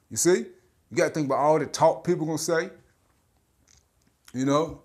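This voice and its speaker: A man's voice: a little high, normal speed. A man preaching informally, blunt and profane, often stammering on filler sounds and repeating "man" and "all right?". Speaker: street preacher.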